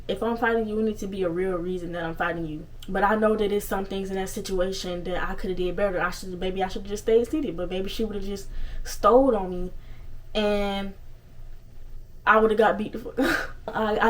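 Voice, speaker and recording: A young woman telling a story casually on her vlog, animated and swearing freely, with lots of asides. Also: medium pitch, brisk, recorded from a distance, rough recording. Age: young adult. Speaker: storytime vlogger.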